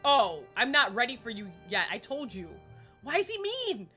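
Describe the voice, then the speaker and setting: A woman's voice: fairly high pitch, very animated, moderate pace, bright, forceful tone, soft background music. A woman chatting casually while streaming a game, rambling and laughing often. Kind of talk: casual live-stream gaming chat.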